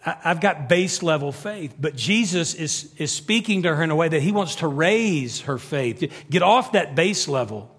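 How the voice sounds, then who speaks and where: A middle-aged man preaching a sermon, telling stories with animated energy that climbs to near-shouts. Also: on the high side, normal speed, hardly any pauses. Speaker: pastor. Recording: long reverb of a large hall.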